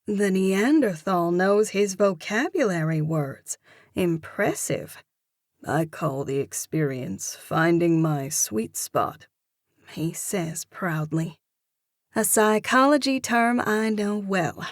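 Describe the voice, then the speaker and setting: A woman narrating a first-person romance audiobook, in a measured, expressive manner. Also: mid-range voice, dry recording, clean studio sound.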